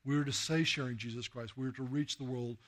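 A male preacher who talks to his congregation like he's telling stories over coffee, with plenty of "uh" and "you know" along the way. His voice sits at an ordinary middle pitch. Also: steady tone, fast talker, fairly bright tone. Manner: anecdotal, conversational, with frequent fillers and acted quotes. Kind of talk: sermon with storytelling.

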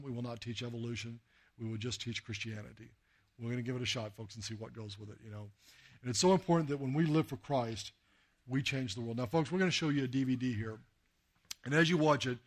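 A male preacher who talks to his congregation like he's telling stories over coffee, with plenty of "uh" and "you know" along the way. His voice sits at an ordinary middle pitch. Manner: anecdotal, conversational, with frequent fillers and acted quotes. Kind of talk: sermon with storytelling.

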